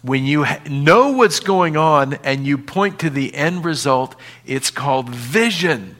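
A man preaching a sermon in a conversational way, dropping to quiet emphasis and acting out small everyday scenes. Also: fairly high pitch, animated, measured pace. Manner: acts out little scenes with voices. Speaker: pastor.

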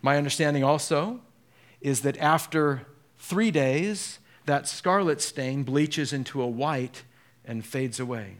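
A man's voice: medium pitch, slow pace. A man from Southern California preaching a sermon in an earnest way that builds to impassioned peaks. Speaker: pastor.

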